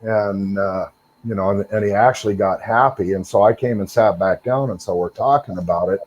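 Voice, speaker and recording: A man's voice: on the low side, normal speed, darkish tone, highs cut off. A middle-aged man, a guest on a call, telling his story casually and rambling, with lots of fillers and repeated words. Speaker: guest sharing encounters.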